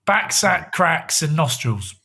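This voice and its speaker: A man's voice: fairly high pitch, big pitch swings, slow, bright, forceful tone, breathy edge. A man in his forties co-hosting a podcast, chatting casually and rambling through jokey ideas. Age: 40s. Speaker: podcast co-host. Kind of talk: casual chat.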